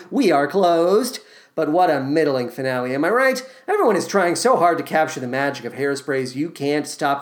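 A man hosting a podcast, reviewing a musical score with wry, exasperated sarcasm. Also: on the high side. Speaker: podcast host. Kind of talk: scripted comedic review.

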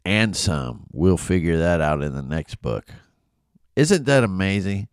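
A man, a pastor, retelling a Bible story in a casual, animated way and asking his listeners questions. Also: sits low, a little slow, clear, resonant tone, dry recording, studio quality. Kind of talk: casual Bible study talk.

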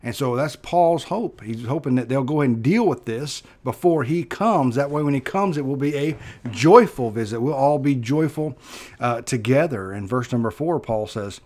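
A pastor preaching with earnest feeling, his voice at a middle pitch. He hammers key words louder, then falls to a hushed, slow close. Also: lively intonation. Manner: earnest, emphatic preaching with sudden loud stresses and hushed drops. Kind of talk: sermon.

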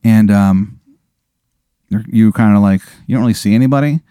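A male podcast host telling an improvised comedic story, animated and full of fillers and swearing. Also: fairly low pitch, moderate pace, clean tone, no room sound, studio quality.

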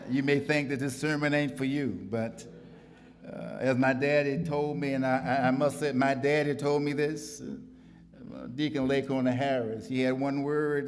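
A middle-aged pastor preaches to his church congregation in a mid-range, slightly mellow voice, building rhythmic repetitions and calling for responses. The sound is that of a big room.

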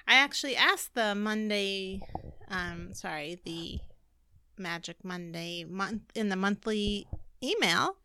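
Bubbly american woman cohost, bright voice bouncing all over, jokey. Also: medium pitch, lively intonation, slow pace, smooth, dry recording. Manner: playful, joking, giggly. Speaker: podcast co-host. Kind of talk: casual chat.

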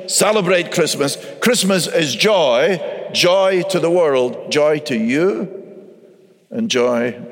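A man's voice: on the high side, a bit bright, long reverb tail. A man preaching a sermon as pastor, earnest and emphatic, repeating phrases for weight. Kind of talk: radio sermon.

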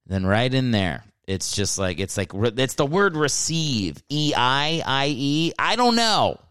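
A man riffs through his own podcast in a loose, rambling monologue, joking at his own expense and swearing now and then. His voice is smooth and full at an ordinary pitch. The recording is dry and close, with no room sound around it. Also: big pitch swings, a little slow, fairly bright tone, no echo. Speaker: podcast host and comedian. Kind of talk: casual solo podcast monologue. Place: indoors, seated on a creaky chair.

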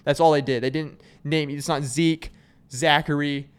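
Smooth-voiced young man rambling. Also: on the high side, fairly even intonation, normal speed. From Arkansas, US. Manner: rambling, joking, many fillers and restarts. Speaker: podcast host. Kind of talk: casual solo chat.

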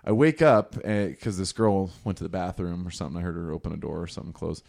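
Rambling, cussing young guy with a low voice. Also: fast, vocal fry, a little mellow. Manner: rambling, profane, self-deprecating. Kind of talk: casual storytelling chat.

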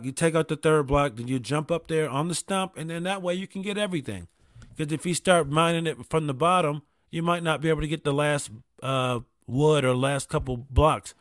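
A man telling casual comedic stories about gaming with his kid, profane and animated, with quick asides. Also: fairly high pitch, no room sound, studio quality.

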